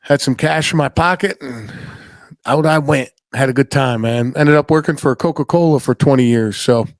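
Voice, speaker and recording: A man's voice: medium pitch, no room sound, clean studio sound. A man from upstate New York hosting his podcast in a loose, casual chat, swearing freely. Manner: loose and profane, quick asides. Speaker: podcast host.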